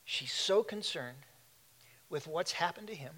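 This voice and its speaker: Bright-voiced male pastor preaching casually. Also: on the high side, expressive, unhurried. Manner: conversational preaching with asides to the congregation. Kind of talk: sermon.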